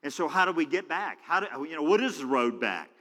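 Animated preacher in a reverberant hall. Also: male voice, fairly quick. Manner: animated preaching, acts out quoted voices with big swings in pitch and loudness. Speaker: pastor. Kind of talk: sermon.

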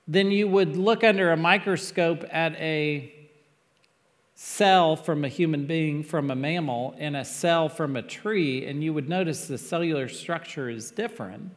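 Male pastor, fairly high voice, emphatic sermon delivery, long hall reverb. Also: measured pace. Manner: earnest, emphatic preaching with sudden loud peaks.

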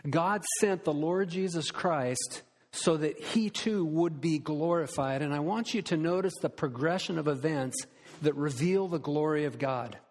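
A man preaches with earnest, measured emphasis, stretching out the words he wants to land. His voice sits a little high for a man. It rings out with the long reverb of a church hall. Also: darkish tone. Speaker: pastor. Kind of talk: sermon.

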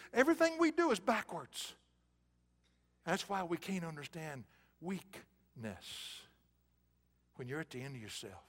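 A man preaching a sermon in an auditorium, swinging from hushed, soft passages to loud, emphatic bursts. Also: on the high side, long reverb tail.

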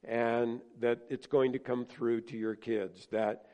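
A male pastor preaching a sermon earnestly, rising to emphatic points and then dropping soft. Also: mid-range voice, little pitch movement, takes it slowly.

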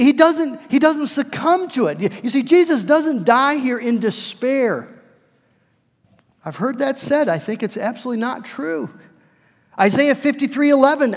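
Male pastor, sermon, high voice, earnest, drawn-out emphasis, long hall echo. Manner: earnest, slows and swells for emphasis, repeats words.

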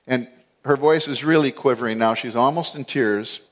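A man's voice: mid-range voice, normal speed. A man preaching a sermon, mostly conversational and rising to emphatic peaks. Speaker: pastor.

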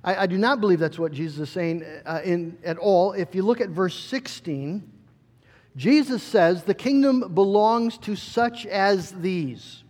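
A man's voice: high voice, a little slow, darkish tone, in a large hall. A pastor delivering an earnest, emphatic sermon, often repeating words as he builds a point.

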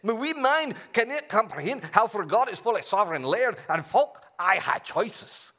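A man voicing a bewildered Scottish man, high and exaggerated, with a Scottish accent. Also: big pitch swings, moderate pace, pushed and bright, exaggerated voice. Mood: baffled. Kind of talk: comic impression within a sermon.

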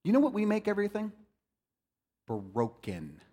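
A man preaching a sermon in an animated, conversational way, mixing jokes with scripture. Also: high-pitched, normal speed, in a large hall. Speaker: pastor.

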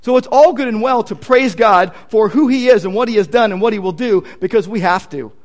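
A man's voice: high-pitched, brisk. A male pastor preaching a sermon in a conversational, emphatic way, with casual asides to the congregation.

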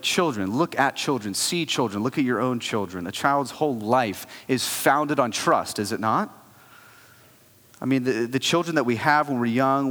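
A man in his thirties preaching a sermon as a pastor, talking in a conversational, animated way with frequent asides. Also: medium pitch. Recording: long hall reverb.

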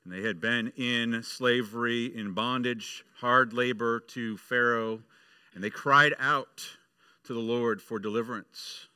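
Bright-voiced storytelling male pastor. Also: mid-range voice, fairly even intonation, unhurried, smooth, dry recording, studio quality. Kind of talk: sermon.

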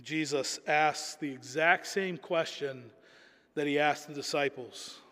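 A man's voice: on the high side, takes it slowly, pushed and bright, long reverb tail. A man preaching a sermon in an earnest, emphatic way, often repeating words as he builds a point.

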